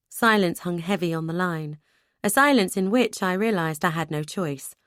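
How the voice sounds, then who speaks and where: Woman, first-person audiobook narration, measured, lively dialogue, dry studio sound. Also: fairly low pitch, no echo.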